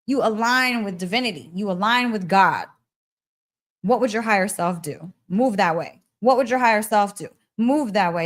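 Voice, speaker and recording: A woman hosting a podcast, giving a casual, heartfelt spiritual pep talk, laughing often and speaking emphatically. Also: fairly high pitch. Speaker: podcast host.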